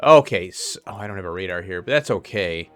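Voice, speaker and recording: A man with a fairly low voice talks through his game session in a loose, rambling way, thinking aloud and chuckling now and then. The recording is dry, with no room sound around him. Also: animated, a little fast, clean tone, no echo, soft background music. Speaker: let's play host. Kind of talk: casual gameplay commentary.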